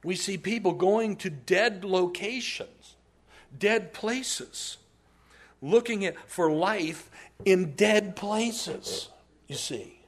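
A man preaching a sermon as a pastor, telling stories in an animated way and laughing often. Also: high voice, very slow.

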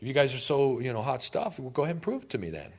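A man's voice: mid-range voice, sing-song, racing, breathy edge. A man voicing an old leader in his eighties who answers complaints in a blunt, no-nonsense way. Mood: firm. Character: old male leader, firm and exasperated.

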